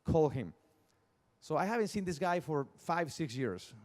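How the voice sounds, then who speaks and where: A middle-aged man with a Mexican Spanish accent tells a personal story from a stage. He speaks earnestly and a little high for a man, and he acts out the other people's lines as he goes. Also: animated, normal speed. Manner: earnest storytelling, acting out dialogue. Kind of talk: personal testimony speech. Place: large outdoor event stage.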